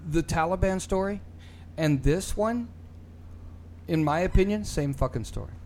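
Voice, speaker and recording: A man's voice: a little high, moderate pace, darkish tone, slight background noise. A man hosting a casual panel chat, opinionated and often repeating his first words as he starts a thought. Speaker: show host.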